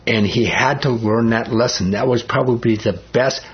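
A man's voice: mid-range voice, moderate pace, lo-fi sound. Man preaching a conversational sermon. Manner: conversational, animated preaching with rising emphasis. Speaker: pastor.

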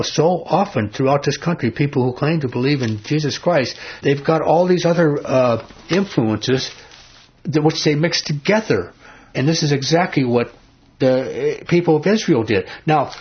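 A man's voice: mid-range voice, slightly rough. A man leading a Bible study, reading verses aloud and explaining them in an emphatic, conversational way, often asking his listeners questions. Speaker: Bible teacher. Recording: dull lo-fi recording.

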